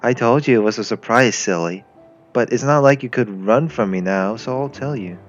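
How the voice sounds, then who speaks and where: A man's voice: mid-range voice, moderate pace, natural voice. A man voicing a young female Soviet tank girl with a Russian accent, teasing, creepy and doting. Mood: cheerful. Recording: lo-fi with faint music.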